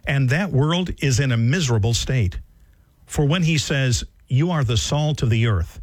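A man reads a homily in a measured, earnest voice of middle pitch, raising it to stress key phrases. The recording is dry and close. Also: no echo. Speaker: reader. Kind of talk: liturgical reading of a homily.

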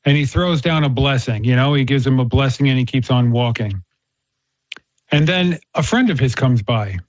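A man's voice: mid-range voice, normal speed, no echo. A man talking earnestly about faith and telling a story, often repeating words as he restarts. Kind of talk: casual faith-based chat with storytelling. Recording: dull, slightly muffled sound.

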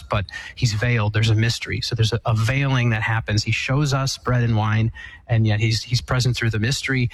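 Measured priest, dry studio sound. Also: male voice, mid-range voice, no room sound, rough recording. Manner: thoughtful, measured, with many fillers and restarts. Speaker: Eastern Catholic priest answering listener questions. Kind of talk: explanatory call-in radio talk.

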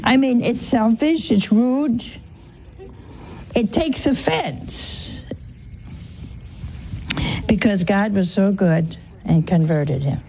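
A woman's voice: mid-range voice, slow, long pauses, warm tone, slight background noise. A woman giving an informal sermon, teasing her listeners with rhetorical questions and humorous anecdotes. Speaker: religious teacher.

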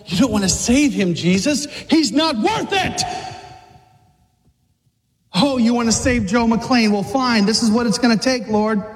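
A man's voice: high voice, lightly acted. A man voicing the devil as a cruel, taunting tempter in his sermon. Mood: whispering taunt. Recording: long hall reverb.

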